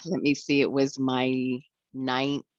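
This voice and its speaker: A woman's voice: a bass voice, little pitch movement, unhurried, dry recording, highs cut off. A young woman tells her recovery story in a candid way, acting out the voices of the people she quotes and often laughing.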